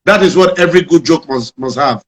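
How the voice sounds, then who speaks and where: Nigerian man, comedian, animated storyteller, fairly high pitch, Nigerian accent, interview guest. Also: a little fast, low-quality recording. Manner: animated storyteller, acts out jokes.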